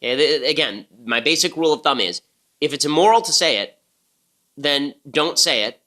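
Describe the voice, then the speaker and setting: A man's voice: fairly high pitch, lively intonation, normal speed, bright, forceful tone. A man hosting a political podcast, delivering commentary in a punchy, sarcastic way. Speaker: podcast host.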